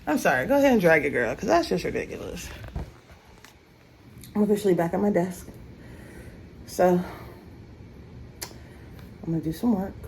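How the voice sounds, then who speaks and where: Lively, self-teasing young woman vlogging at home. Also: moderate pace, vocal fry, long pauses, slight background noise, rough recording. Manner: animated, laughing at herself, swooping high when teasing. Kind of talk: casual chatty vlog. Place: at home, moving between rooms.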